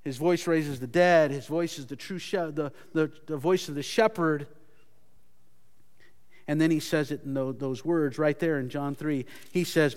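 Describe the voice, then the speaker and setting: A man preaching a sermon earnestly, his pitch and loudness swinging as he repeats words for emphasis. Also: a little slow, clean tone, big-room sound. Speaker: pastor.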